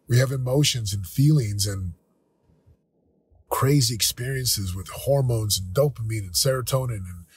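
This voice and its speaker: A man in his forties, hosting a motivational talk, speaking earnestly and candidly with a slightly husky voice. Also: medium pitch, no room sound. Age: 40s. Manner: earnest, candid, with self-quoting asides. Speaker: podcast host.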